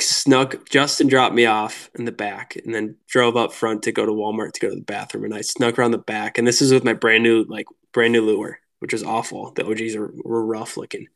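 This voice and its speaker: Minnesota guy on a podcast, animated storyteller, laughs a lot, says like constantly. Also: fairly low pitch, gravelly. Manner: animated, laughing, lots of "like" fillers. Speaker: podcast guest, lure builder. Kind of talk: casual storytelling chat.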